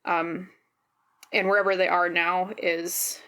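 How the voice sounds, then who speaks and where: Gentle, reassuring woman reading tarot. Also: fairly low pitch, little pitch movement, slow, clean tone. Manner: gentle and reassuring, often checks in with "okay?". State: briefly teary and emotional. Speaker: tarot reader. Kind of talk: pick-a-card tarot reading. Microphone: camera mic, seen on camera.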